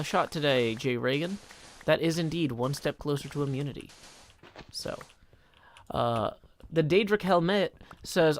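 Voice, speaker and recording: A man's voice: on the high side, a bit bright. A man casually chatting on a live stream while he plays, joking and reading viewer messages aloud.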